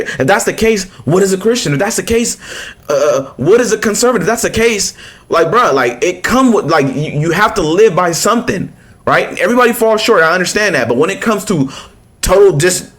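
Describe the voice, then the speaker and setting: Male reaction commentator, heated and profane, high-pitched. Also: fairly bright tone. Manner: blunt, profane, heated, lots of restarts. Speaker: political commentator reacting to a clip.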